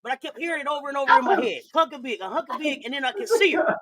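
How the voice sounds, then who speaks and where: A woman's voice: high voice, expressive, rapid-fire, over a noisy crowd. A woman co-hosting a casual live stream, giggling, laughing through her words and repeating phrases. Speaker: co-host.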